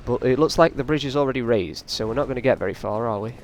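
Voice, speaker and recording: A man's voice: mid-range voice, fast talker, a little hiss or hum. Chatty man doing let's play commentary. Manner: casual, rambling, taunts enemies on screen. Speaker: gaming channel host.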